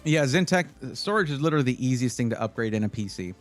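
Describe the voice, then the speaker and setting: A man's voice: mid-range voice, lively intonation, fast talker, soft background music. A man hosting a casual livestream, chatting with viewers and giving computer buying advice in a rambling, playful way. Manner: chatty, rambling, restarts phrases, playful with chat. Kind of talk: casual livestream chat reading viewer comments.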